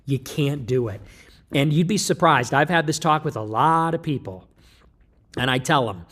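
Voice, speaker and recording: A man giving a rambling livestream monologue, breaking off mid-thought and starting again with quick asides. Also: on the high side, animated, a bit bright. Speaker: political streamer.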